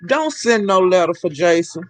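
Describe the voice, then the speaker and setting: A man's voice: high-pitched, animated, moderate pace, no room sound. A man calling into a live stream, earnest and warning, with hesitations. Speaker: caller.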